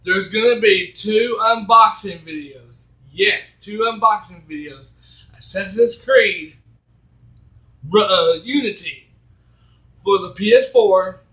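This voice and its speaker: A man giving a casual video game review, rambling and halting with many fillers, getting excitable as he retells scenes. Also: high voice, echoey room, rough recording.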